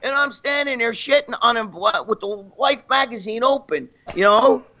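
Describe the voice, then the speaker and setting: Bright, high-voiced New man rambling. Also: normal speed, dull audio. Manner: profane, rambling, laughing through stories. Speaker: guest storyteller. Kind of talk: crude comic anecdote.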